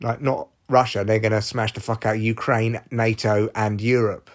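A man's voice: fairly low pitch, flat delivery, moderate pace. Rambling, sweary man in his forties. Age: 40s. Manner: rambling, self-deprecating, sweary. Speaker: podcast host. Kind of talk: casual solo podcast monologue.

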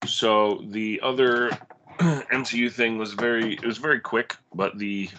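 A man's voice: lowish voice, steady tone, a little slow, pushed and bright, highs cut off, a little hiss or hum. A man co-hosting a podcast in casual chat, laid-back and rambling. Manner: laid-back, rambling, with playful bits of mock radio-announcer voice. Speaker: podcast co-host.

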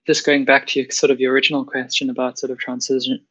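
A woman's voice: a bass voice, little pitch movement, fast talker, fairly bright tone, slightly rough, rough recording. A trans woman from South Africa with a South African accent, chatting casually and hesitantly, with many fillers and restarts. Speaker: guest. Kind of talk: casual chat. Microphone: video call.

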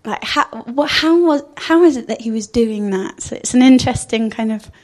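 A woman's voice: on the high side, moderate pace, darkish tone. A woman giving an informal sermon, chatty and thinking aloud with frequent fillers. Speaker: speaker giving a church talk.

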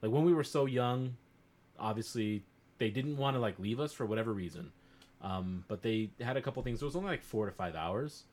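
A man's voice: mid-range voice, expressive, a little fast, darkish tone. A young man co-hosting a casual podcast, joking and loose. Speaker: podcast co-host. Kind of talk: casual chat.

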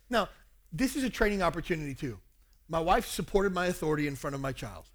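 A man in his forties preaching about raising children, his voice sitting a little higher than most men's. He tells stories from home and acts out the dialogue from them. His delivery is conversational. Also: sing-song, fast talker. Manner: storytelling, acts out family dialogue. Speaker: pastor. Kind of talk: sermon with personal stories.

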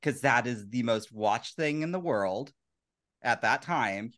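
A man's voice: mid-range voice, expressive, takes it slowly, a bit bright. A man from the United States co-hosting a podcast, explaining things in an opinionated, casual way. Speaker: podcast co-host.

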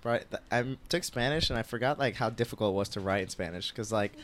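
A man's voice: fairly low pitch, fast talker, a bit bright, slight background noise. A young man co-hosting a podcast, joking and rambling in casual chat. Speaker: podcast co-host.

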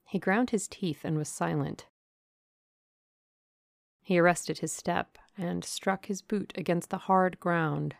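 A woman narrating a classic novel as an audiobook, in a measured, deliberate reading. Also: fairly low pitch, creaky, no echo, clean studio sound.

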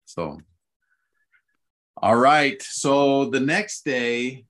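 A man's voice: mid-range voice, animated, very slow, fairly bright tone. A man who teaches seminary, chatting casually about planning scripture lessons and rambling through fillers and restarts. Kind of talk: casual teaching-prep chat.

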